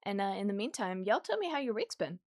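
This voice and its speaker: A young woman streamer chatting casually with her viewers while she draws, easily excited and quick to laugh. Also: medium pitch, no room sound, clean studio sound. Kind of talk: casual livestream chat while drawing.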